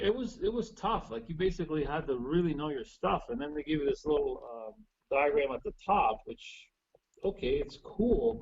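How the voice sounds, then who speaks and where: A man's voice: fairly high pitch, a little mellow, muffled recording. A man in casual chat, explaining old music gear in a chatty way with restarts, heard over a call. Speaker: guest musician. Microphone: phone or video call.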